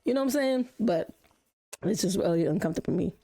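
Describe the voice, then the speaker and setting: A woman streamer talking casually over a reaction video, her pitch swinging widely as she tells stories. She swears freely and jumps between topics in a loose, chatty way. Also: quick pace. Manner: profane, animated storytelling with laughs. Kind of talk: casual live-stream chat.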